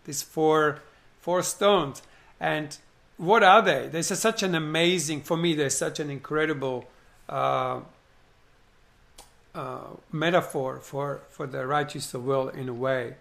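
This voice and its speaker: Animated man with a gravelly voice. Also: fairly high pitch, unhurried. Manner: animated, acts out scenes, many rhetorical questions. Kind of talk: enthusiastic retelling in conversation.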